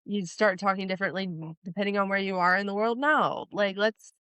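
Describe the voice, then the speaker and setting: A young woman co-hosts a podcast in an easygoing chat. She giggles between thoughts and drops swear words freely. Her voice sits at a medium pitch on a dry, close microphone. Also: steady tone, brisk, pushed and bright, clean tone, dry recording. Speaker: podcast co-host.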